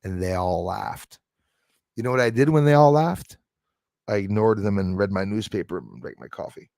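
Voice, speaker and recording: A man with a gravelly, creaky voice rambles through a casual livestream, answering viewer comments and joking as he goes. His voice is dry and close, with no room sound around it. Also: on the low side, expressive, moderate pace, darkish tone, no echo. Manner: rambling, jokey, chuckles often.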